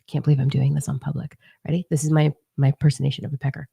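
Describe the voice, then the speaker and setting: A woman's voice: low voice, little pitch movement, rapid-fire, gravelly, warm tone, husky, no echo. A woman in her forties, a spiritual advisor talking casually on her vlog, blunt, profane and playfully mocking.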